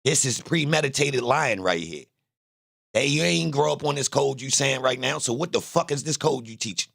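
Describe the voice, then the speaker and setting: A man's voice: mid-range voice, expressive, normal speed, vocal fry, a bit bright, dry recording, clean studio sound. A man giving a heated, profane reaction to a clip, blunt and emphatic, often repeating his phrases.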